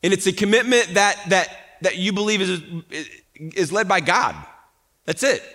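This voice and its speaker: Bright-voiced male pastor preaching. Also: sits high, normal speed. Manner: conversational preaching with frequent restarts and rhetorical questions. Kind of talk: sermon.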